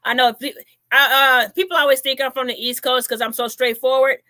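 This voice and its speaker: High, bright-voiced woman comedian chatting. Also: fairly even intonation, brisk, no room sound, studio quality. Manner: straight-talking, loud bursts of laughter. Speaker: comedian and livestream host. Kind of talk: casual livestream chat.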